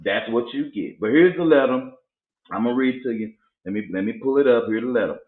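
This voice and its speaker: A man's voice: medium pitch, fairly quick. A man with a drawl tells a story to his co-host and slips into voices for the people in it. His voice comes through thin and phone-like, with a roomy echo around it. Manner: animated, acts out voices in his stories. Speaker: podcast co-host. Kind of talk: casual storytelling chat. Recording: tinny phone-like sound in an echoey room.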